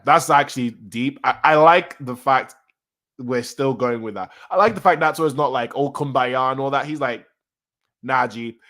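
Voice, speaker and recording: A man reading a comic chapter aloud and reacting to it in casual chat, often repeating his reactions. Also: mid-range voice. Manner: reads lines aloud then reacts, repeating himself excitedly. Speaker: manga reaction host.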